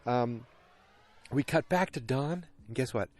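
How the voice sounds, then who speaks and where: A man's voice: mid-range voice, lively intonation, measured pace, darkish tone. Male podcast host, casual solo recap, rambling and filler-heavy. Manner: rambling, chatty, many fillers.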